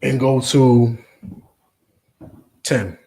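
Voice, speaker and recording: A man preaching a confrontational lesson to his group, blunt and forceful, again and again asking whether his listeners understand. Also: medium pitch, fairly even intonation, extremely slow, vocal fry, roomy sound, rough recording. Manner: blunt, forceful, repetitive questioning. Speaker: Hebrew Israelite teacher.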